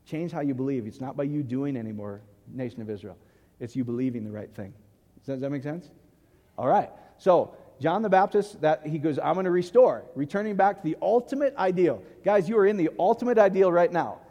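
High-voiced man preaching in a reverberant hall. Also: expressive, fairly quick, dark tone, dull audio. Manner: conversational preaching, asks the congregation questions. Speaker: pastor. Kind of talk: sermon.

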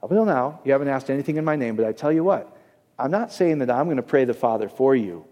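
A man's voice: medium pitch, expressive, fast, dull audio. A man preaching a casual, conversational sermon as a pastor, often checking in with his audience. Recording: echoey hall, long reverb.

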